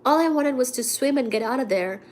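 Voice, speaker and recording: A woman's voice: high voice, fairly quick. A woman with a cold telling a story in casual chat, chatty and indignant, acting out the people in it. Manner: chatty storyteller, animated and indignant, acts out quotes. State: sick with a cold, coughing. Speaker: vlogger. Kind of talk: casual chat to a live audience.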